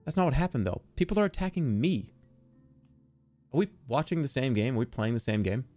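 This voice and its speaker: A man streaming a strategy game, excitable and swearing, yelling commands at his units. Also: mid-range voice, fairly quick, dry recording, faint music behind. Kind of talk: live gameplay commentary.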